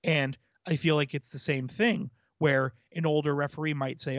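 A man's voice: a little high, steady tone, normal speed, fairly bright tone, dry recording, muffled recording. A man co-hosting a hockey podcast in casual chat, laying out his points at length in an analytical way. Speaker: podcast co-host.

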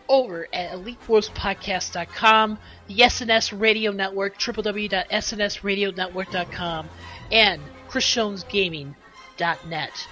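A woman's voice: medium pitch, pushed and bright, poor audio. A woman in a comedic sci-fi radio promo, playing a frantic, exasperated pilot on the run. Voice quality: frantic, exasperated, shrieking outbursts. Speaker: podcast promo voice. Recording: music bed behind.

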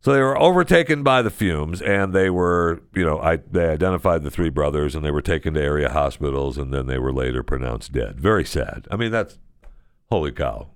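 A male radio host tells a story with wide swings in pitch, his gravelly voice still smooth and resonant. He jokes as he goes. The studio sound is close and dry. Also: fairly quick, no room sound. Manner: animated storytelling, joking. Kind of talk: casual chat.

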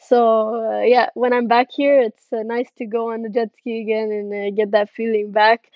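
Young woman, friendly halting answers. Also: a little high, little pitch movement, dry recording, lo-fi sound. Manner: friendly, hesitant with many fillers, laughs often. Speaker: karting driver guest. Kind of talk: casual interview answers.

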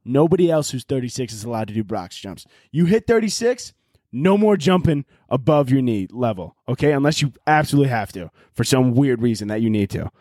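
A young man hosting a podcast, telling casual stories with lots of swearing and bursts of mock yelling. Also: mid-range voice, a little fast, dry recording, studio quality. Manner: animated, swears a lot, yells in mock rants. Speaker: podcast host. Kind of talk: casual storytelling monologue.

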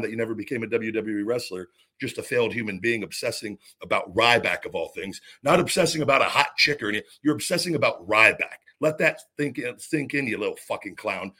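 A man's voice: mid-range voice, a little fast, few pauses, pushed and bright. Man ranting on his podcast. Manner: heated, profane ranting with repeated restarts. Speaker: podcast host. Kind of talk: podcast monologue.

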